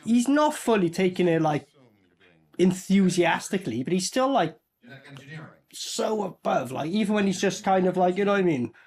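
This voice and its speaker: A man's voice: high-pitched, animated, normal speed, darkish tone. A man giving a rambling, sweary commentary as he reviews a movie. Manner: sweary, rambling, puts on silly voices. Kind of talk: casual reaction commentary.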